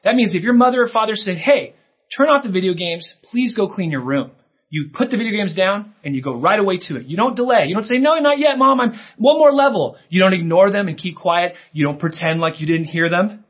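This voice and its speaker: A man preaching a sermon to children, animated and acting out kids' replies in a higher voice. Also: fairly quick, husky. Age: adult. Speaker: pastor. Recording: dull lo-fi recording.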